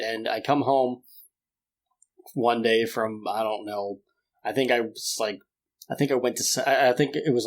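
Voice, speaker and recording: A man co-hosting a podcast, telling a rambling anecdote with lots of fillers and restarts. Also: on the low side. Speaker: podcast co-host. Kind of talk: casual chat.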